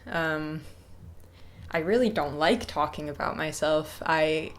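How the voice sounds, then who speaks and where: A young woman in her twenties talking to camera off the cuff, hesitant and reflective, with many pauses and restarts. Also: sits low, a little hiss or hum. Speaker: YouTuber. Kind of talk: casual unscripted talk to camera.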